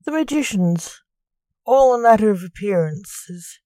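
A woman's voice: medium pitch, expressive, unhurried, mellow, no echo. A woman hosting her own story podcast, narrating with theatrical sign-offs.

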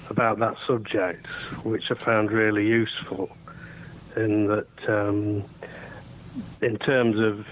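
A man co-hosting a radio chat, speaking reflectively and hesitantly, pausing often to find words. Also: fairly low pitch, a bit bright, rough recording. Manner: reflective, hesitant, many fillers and pauses. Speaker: radio co-host.

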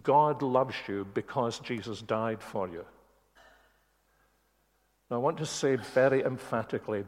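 A man preaching a sermon in a church, speaking earnestly and slowing on key words. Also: mid-range voice. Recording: long reverb of a church hall.

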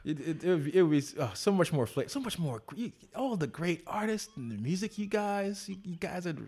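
A man's voice: sits high, fairly quick. A man co-hosting a podcast in a casual, rambling chat, often restarting his sentences. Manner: animated, rambling, many restarts. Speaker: podcast co-host.

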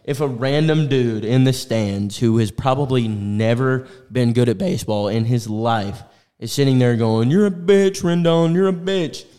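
A man's voice: lowish voice, warm tone. A young man co-hosting a sports podcast, talking bluntly and swearing freely in casual chat. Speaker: podcast co-host.

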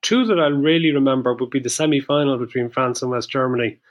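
A man's voice: mid-range voice, fast talker. A man appearing as a guest on a podcast, casually recalling what he remembers. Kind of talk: casual chat.

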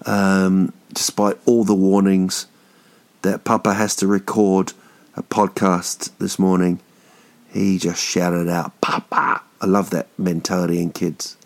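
A man's voice: deep voice, level tone, measured pace, a little mellow. A man in his thirties hosting a podcast, rambling through a jokey, swearing monologue that drifts off topic. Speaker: podcast host.

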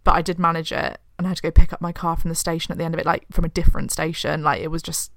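A woman's voice: low-pitched, racing, creaky, dry recording, clean studio sound. A woman co-hosting a podcast, chatting frankly and telling stories with swearing. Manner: frank, animated storytelling with swearing. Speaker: podcast co-host. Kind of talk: casual chat.

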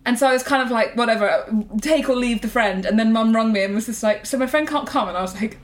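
Giggly young woman, animated. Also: fairly high pitch, fast. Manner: giggly, animated storytelling with acted-out quotes. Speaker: podcast co-host. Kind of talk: casual chat.

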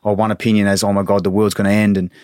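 A man's voice: fairly low pitch, little pitch movement, very fast, a little mellow, clear, resonant tone, dry recording, clean studio sound. A man in his thirties, a former footballer, telling stories in a casual podcast chat and swearing freely. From Australia. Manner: swears freely, tells anecdotes with quoted voices.

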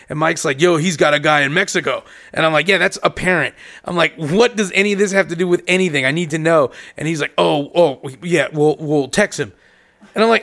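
A young man co-hosting a podcast tells a long story casually, swearing and acting out both sides of each conversation. He talks fast in a slightly high, gravelly and somewhat bright voice.

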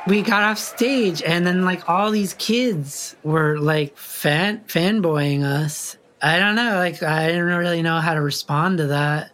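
A man's voice: on the high side, slow pace, hardly any pauses, a bit bright. A middle-aged man, a musician, telling a personal story in a loose, casual way, full of fillers and frequent laughs. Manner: rambling, filler-heavy, laughs often.

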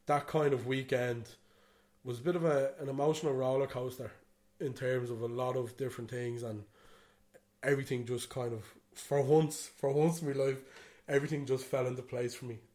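A man's voice: mid-range voice, fairly even intonation, moderate pace, a little mellow. An Irish man co-hosting a podcast, rambling through a story in casual chat and swearing freely. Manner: rambling, swears freely, "you know what I mean". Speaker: podcast co-host.

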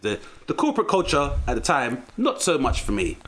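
A man in his thirties with a London accent, a comedian telling animated stories in a casual interview. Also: mid-range voice, a little fast. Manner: animated storyteller, acts out strict relatives. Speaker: comedian guest.

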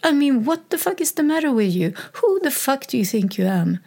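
A woman's voice: high voice, big pitch swings, very slow, mellow, pitched above the performer's own voice, exaggerated voice. A woman reenacting a harsh, angry female psychiatric ward doctor who scolds and swears. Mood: furious scolding.

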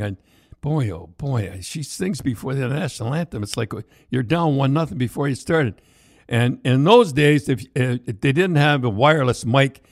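A man's voice: mid-range voice, no echo. Older man rambling through anecdotes, dry close sound. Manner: rambling, animated, with frequent restarts and laughs. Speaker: storyteller co-host. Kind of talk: casual anecdote telling.

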